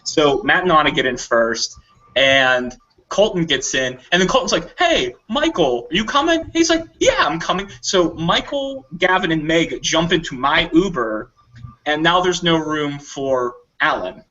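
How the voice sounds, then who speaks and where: Bright-voiced man telling a lively story. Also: measured pace. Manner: animated storyteller acting out quotes in higher voices. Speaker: volunteer convention staff telling a story. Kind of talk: casual podcast anecdote. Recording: dull lo-fi audio.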